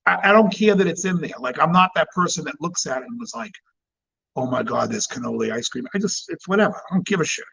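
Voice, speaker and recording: A man's voice: high-pitched, animated, fast, hardly any pauses, fairly bright tone, muffled recording. A man hosting a cigar channel, chatting casually and bluntly with plenty of swearing. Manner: blunt and profane. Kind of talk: casual livestream chat.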